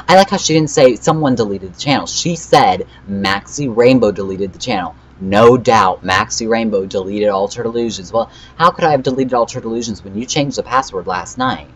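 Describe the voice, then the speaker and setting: A teenage guy vlogger casually recapping a drama story, rambling with fillers and flatly reading out chat messages. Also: fairly low pitch, a little fast, few pauses, poor audio. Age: teens.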